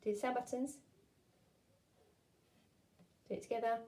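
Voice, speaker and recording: Speaking with a medium-pitched, dark-toned voice, a woman leads young children through a phonics lesson. She sounds out words slowly and clearly and encourages the kids to join in.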